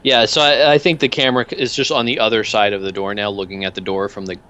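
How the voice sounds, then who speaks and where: A man's voice: on the low side, little pitch movement, quick pace, pushed and bright, muffled recording. A man narrating as game master in a tabletop game, rambling with many fillers and restarts.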